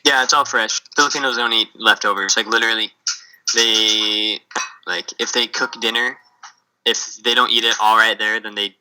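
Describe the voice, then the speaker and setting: A man's voice: fairly low pitch, steady tone, moderate pace, sharp tone, low-quality recording. A young man from the USA, a missionary, telling stories in a rambling way on a video call, with lots of filler words. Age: young adult. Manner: rambling storyteller, heavy on fillers like "like" and "um". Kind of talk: casual chat on a video call.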